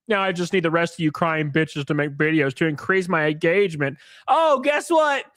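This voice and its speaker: A man's voice: fairly high pitch, normal speed, hardly any pauses, no echo, studio quality. A man live-streaming, reading posts aloud and ranting at them in a mocking, profane way while drinking. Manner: mocking, profane, animated rants.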